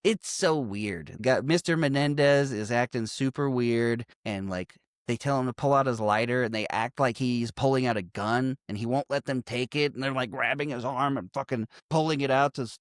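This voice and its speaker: A man's voice: mid-range voice, normal speed, dry recording, studio quality. A man co-hosting a casual movie podcast, recapping scenes with profanity, frequent laughter and acted-out quotes. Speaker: podcast co-host.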